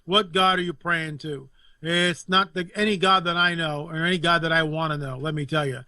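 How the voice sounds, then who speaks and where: A man's voice: fairly high pitch, steady tone, moderate pace, bright, forceful tone, no room sound. A man talking in an impassioned, indignant way as a guest commentator, repeating phrases for emphasis. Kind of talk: impassioned political talk.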